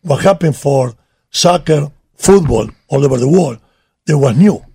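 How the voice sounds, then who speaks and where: An older man whose first language is not English, speaking in halting, broken English as he recalls his playing days in a casual chat. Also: fairly high pitch, animated, mellow, breathy edge, no room sound, studio quality. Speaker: former soccer player guest.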